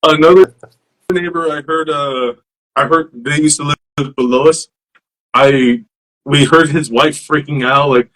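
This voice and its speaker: A man hosting a podcast, casually telling stories in an animated, profane way. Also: on the high side, measured pace, poor audio. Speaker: podcast host. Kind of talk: casual chat.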